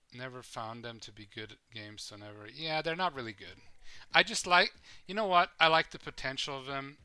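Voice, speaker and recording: A man's voice: medium pitch, pushed and bright, smooth. A man rambling casually and swearing as he plays and comments on a live game stream. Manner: rambling, swears casually, thinks aloud while playing.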